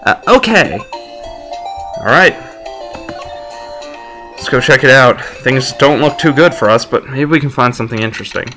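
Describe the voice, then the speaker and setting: A man's voice: medium pitch, normal speed, long pauses, sharp tone, soft background music. A man hosting a game playthrough, reading dialogue aloud with wry, joking commentary. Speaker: let's play host.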